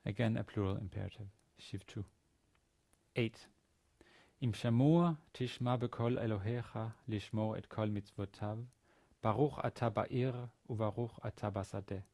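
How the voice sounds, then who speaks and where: Speaking at normal speed, this university lecturer has a fairly low, mellow voice with vocal fry. His Biblical Hebrew lesson is methodical: he reads sentences aloud in Hebrew, then translates them and walks through the grammar step by step.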